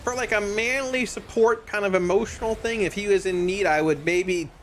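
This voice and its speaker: A man streaming a game live, talking casually to his viewers, excitable and stammering, often repeating himself. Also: high-pitched, normal speed, a little hiss or hum.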